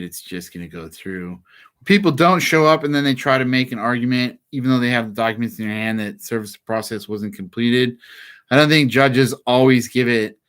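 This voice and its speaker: A man's voice: lowish voice, fairly bright tone. A man who works as a process server tells work stories in a loose, rambling way, with lots of "like" fillers. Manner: laid-back, rambling, heavy "like" fillers. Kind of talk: casual storytelling.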